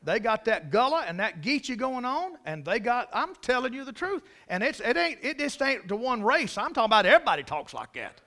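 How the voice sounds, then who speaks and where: His voice is very high, bright, and forceful. Speaking with a Carolina Southern accent, this man drawls through a folksy sermon at a church service, telling stories to the congregation and tossing in emphatic asides.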